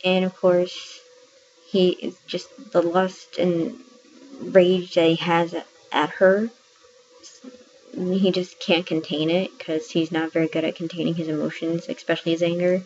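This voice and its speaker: A woman's voice: on the low side, little pitch movement, measured pace, a little mellow. A woman casually reviewing a book, retelling scenes in a chatty way with plenty of fillers. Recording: dull lo-fi audio with faint noise.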